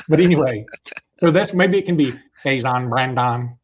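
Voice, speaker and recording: A man's voice: medium pitch, moderate pace, breathy edge. A middle-aged man, co-hosting a casual sports podcast, joking and rambling with fillers. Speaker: podcast co-host.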